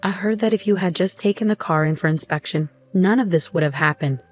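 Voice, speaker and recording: A demanding husband who blames and brushes off others, read by a woman in her usual voice. The tone is low for a woman and stays dismissive. Soft music plays faintly underneath. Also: fairly quick, lightly acted. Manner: accusing, dismissive. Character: resentful demanding young-adult husband.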